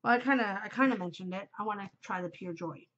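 A middle-aged woman chatting on her own podcast, gushing and openly emotional, her speech running into little asides. Her voice sits at a middling pitch. The recording is muffled and lo-fi, as if from a home setup. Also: quick pace, fairly bright tone. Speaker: podcast host. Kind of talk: casual chat.

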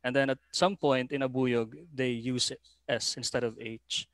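A man's voice: mid-range voice, fairly even intonation, measured pace, a bit bright, dry recording. A man moderating an online panel discussion over a video call, musing aloud and reading out audience comments. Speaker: forum moderator.

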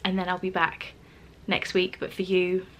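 A woman chatting in a studio vlog, excited and emotional, often laughing and dropping to soft whispers. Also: lowish voice, moderate pace, lo-fi sound, a little hiss or hum. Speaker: small business owner vlogging. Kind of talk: casual studio vlog chat.

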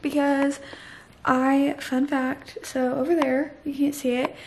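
A woman's voice: sits high, level tone, slow pace, darkish tone, a little hiss or hum. A tired young woman chatting casually in a late-night book vlog, rambling with lots of "like" and "literally". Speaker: book vlogger.

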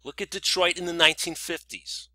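Sharp-toned sarcastic male vlogger. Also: on the high side, steady tone, a little fast, dry recording. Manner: sarcastic, indignant, rhetorical questions. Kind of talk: scripted ranting monologue.

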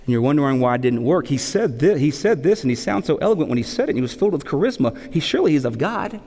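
A man in his thirties, a pastor preaching a sermon, animated and repeating key phrases for emphasis between humorous stories. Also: fairly high pitch, quick pace. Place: church sanctuary. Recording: long hall reverb.

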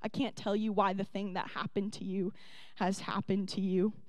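A woman's voice: mid-range voice, little pitch movement, normal speed, a little mellow, dry recording. A young woman pastor delivering a sermon, tender and earnest, building to emphatic peaks.

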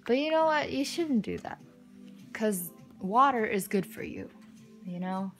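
Gushing young woman with a lively voice. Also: medium pitch, a little slow, soft background music. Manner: gushing and excitable, with soft muttered asides and frequent laughs. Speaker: unboxing vlogger. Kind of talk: casual unboxing commentary.

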